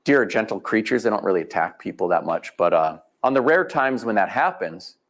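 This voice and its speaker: A man's voice: fairly low pitch, lively intonation, fairly quick. Man telling stories at a lecture. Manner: folksy storytelling, voices quoted people. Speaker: guest speaker. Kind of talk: storytelling lecture. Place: live event venue.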